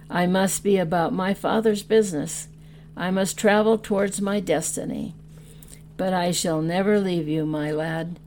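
A gentle, solemn holy stranger speaks in a slow, blessing-like way, as a woman reads him. The tone is low and warm, and the words unfold with no hurry. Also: slight background noise.

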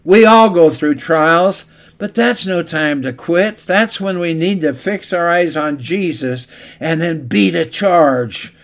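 A man's voice: a little high, slow. A man preaching a sermon in an earnest storytelling way, now and then correcting his own slips.

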